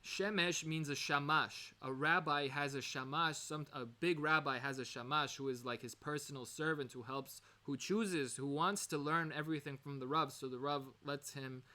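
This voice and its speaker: Man, bright clear voice, informal lesson, digressive, many fillers and self-corrections, Hebrew terms mixed into English. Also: on the high side, steady tone, moderate pace, hardly any pauses. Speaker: Torah teacher.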